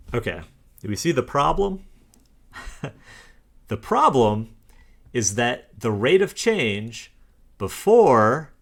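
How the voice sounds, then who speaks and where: A man's voice: lowish voice, a bit bright. A man giving a casual, argumentative walkthrough of charts on his screen, scornful and laughing dismissively. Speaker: commentator.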